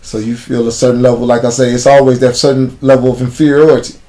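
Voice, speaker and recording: Chicago man, mid-pitched voice, blunt street-slang storyteller for an interview guest spot. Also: flat delivery, fast talker, warm tone. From United States.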